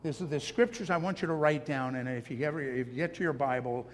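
A man preaching with passion and emphasis, his voice sitting a little higher than most. His words ring out through the long reverb of a large hall, and a faint room hum sits underneath. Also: fast talker. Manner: passionate, emphatic preaching with self-deprecating asides. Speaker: pastor. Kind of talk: sermon.

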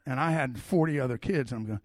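Animated man preaching, dry close sound. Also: medium pitch, quick pace, no echo. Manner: animated storyteller, swings from loud to soft. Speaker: pastor. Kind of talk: sermon with personal stories.

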